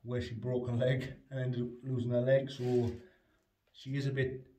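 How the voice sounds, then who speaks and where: A man's voice: medium pitch, little pitch movement, moderate pace, mellow. Man, distant phone mic. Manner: plain, rambling, lots of fillers, short firm commands to the dog. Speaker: dog owner training his spaniel. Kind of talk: casual training demonstration. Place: indoors in a house hallway. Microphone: phone on the stairs, away from him. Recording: roomy, distant phone recording with faint noise.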